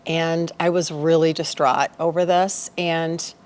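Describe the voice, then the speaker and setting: A woman's voice: low-pitched, slow pace, clear, resonant tone. A woman life coach, a podcast guest, telling a personal story in casual conversation and acting out the dialogue as she goes. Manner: animated, acts out dialogue in her stories.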